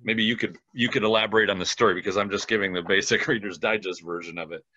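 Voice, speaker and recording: Low, bright-toned man on dull audio. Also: fairly even intonation, quick pace. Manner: setting up a story for the guest. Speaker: podcast host. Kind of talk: interview question.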